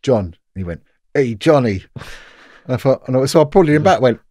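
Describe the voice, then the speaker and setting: A man's voice: mid-range voice, sing-song, a little fast, dark tone, dry recording, clean studio sound. A middle-aged British man, a former police detective telling a long anecdote in a casual interview, with lots of restarts. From Britain.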